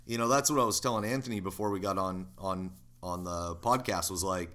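A man's voice: deep voice, a little fast, few pauses, fairly bright tone. A man co-hosting a podcast, talking casually and rambling with lots of fillers. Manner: rambling, filler-heavy, laughs easily. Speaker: podcast co-host, call center owner.

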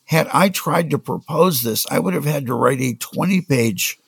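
A man tells business stories in a relaxed conversational way, acting out what people said. His voice is gravelly and a bit husky, with a mid pitch. The sound is dry and close. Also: normal speed, no room sound. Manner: anecdotal, acts out quoted dialogue. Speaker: music industry executive, guest. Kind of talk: conversational storytelling.

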